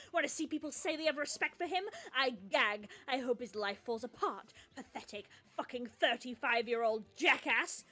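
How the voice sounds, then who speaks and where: Woman, high lively voice, raw bitter rant full of swearing, faint music bed. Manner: swearing, bitter, voice breaking into tears at times. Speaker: person venting in a played voice clip. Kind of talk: angry emotional rant.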